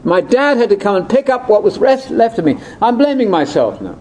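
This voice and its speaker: An older British man delivers an ad-libbed lecture at a religious conference, chatty and wry, with asides and laughs. His voice is high, sing-song, brisk, and somewhat dark in tone, and the audio is poor.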